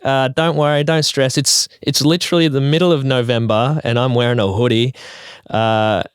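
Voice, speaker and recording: Male co-host, smooth clear voice, deadpan sarcasm, dry sound. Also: medium pitch, normal speed, no echo. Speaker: podcast co-host. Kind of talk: casual chat.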